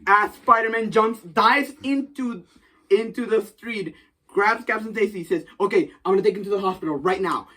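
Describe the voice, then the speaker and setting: A man hosting a comic book podcast, excitedly retelling a story and swearing casually. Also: high voice, normal speed, distant mic. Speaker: podcast host recapping a comic. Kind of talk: casual chat.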